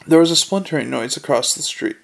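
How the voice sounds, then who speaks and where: A man narrating a comic fantasy novel in a dry, measured way. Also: on the high side, expressive, creaky, a bit bright. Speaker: audiobook narrator. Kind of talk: scripted narration.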